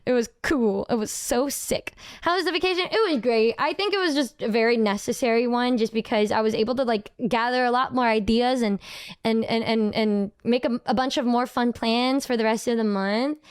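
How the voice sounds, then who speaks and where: A woman's voice: a little high, moderate pace, smooth. A young woman in her twenties chatting casually with her stream viewers, bubbly and rambling, repeating words as she goes.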